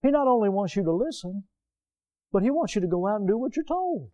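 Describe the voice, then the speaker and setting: A man preaching a sermon from the pulpit in a lively, conversational way, full of repetition and everyday asides. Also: high voice, fairly quick, lo-fi sound. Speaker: pastor. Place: church.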